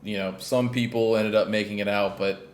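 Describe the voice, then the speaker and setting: Low-voiced male podcast host, roomy echo. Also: steady tone, normal speed. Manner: rambling, lots of fillers and restarts. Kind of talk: casual chat, recapping a game.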